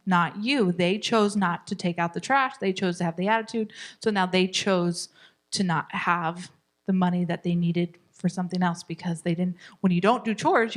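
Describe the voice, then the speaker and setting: Encouraging woman teaching a parenting class. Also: mid-range voice. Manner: encouraging, acts out parent and child lines.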